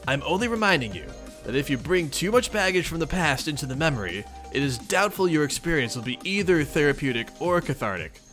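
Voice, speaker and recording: A man's voice: fairly high pitch, big pitch swings, fairly quick, hardly any pauses, a bit bright, soft background music, pitched above the performer's own voice. A man voicing a sweet, chatty, know-it-all female troll ancestor, reading a webcomic aloud, with precise and properly enunciated speech. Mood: calm, knowing.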